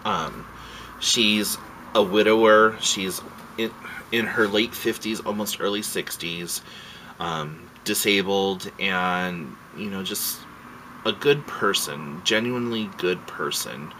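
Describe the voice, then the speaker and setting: A man's voice: low-pitched, takes it slowly, sharp tone, a little hiss or hum, poor audio. A man vlogging a casual rant, rambling and heartfelt, swearing freely and emotional as he tells his story.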